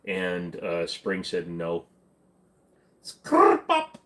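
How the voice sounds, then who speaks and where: Easygoing lower-voiced man chatting on a livestream. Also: moderate pace. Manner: loose, joking, rambling with many fillers and restarts. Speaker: livestream host. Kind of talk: casual livestream chat with viewers. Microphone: desk microphone.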